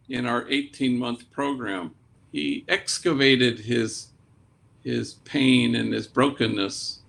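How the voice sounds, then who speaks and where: A priest tells a story in a relaxed, conversational voice that carries a gravelly edge. His tone is bright and forward, and he mixes gentle humor with casual Spanish words. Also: mid-range voice. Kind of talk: storytelling talk. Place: remote talk.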